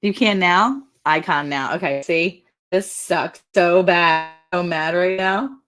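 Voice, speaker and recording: A woman's voice: lowish voice, takes it slowly, fairly bright tone. A woman hosting a casual ranch livestream, chatty and laughing often as she greets viewers by name.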